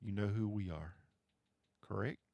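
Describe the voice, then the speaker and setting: A wary elven woman speaks low and secretive, as a man puts her on at a tabletop game. Her voice sits a little higher than plain talk but stays soft and guarded. The slow, careful delivery of the game master carries through. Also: dry recording, muffled recording.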